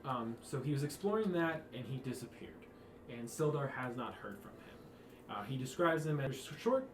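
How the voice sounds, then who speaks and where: A man narrating a tabletop game as game master, rambling with frequent restarts. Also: medium pitch. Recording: echoey room with faint noise.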